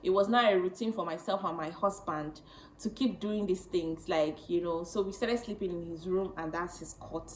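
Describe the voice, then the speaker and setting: A woman in her late twenties telling a personal story to camera, chatty and animated, often laughing. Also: lowish voice, moderate pace, reverberant, a little hiss or hum, low-quality recording. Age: late 20s. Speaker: vlogger.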